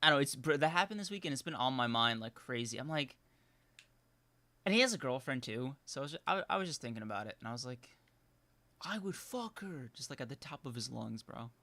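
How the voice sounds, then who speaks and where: Bright-voiced young man rambling excitedly. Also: mid-range voice, quick pace, no echo. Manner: rambling, animated storytelling with many fillers. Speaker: podcast co-host. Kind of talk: casual live-stream chat.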